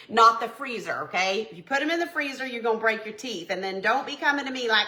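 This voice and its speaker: Bright chatty woman baking. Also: a little high, lively intonation, a little fast, reverberant. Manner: chatty, flustered, talks to viewers as y'all. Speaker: home baking vlogger. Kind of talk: casual chatty cooking livestream. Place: home kitchen.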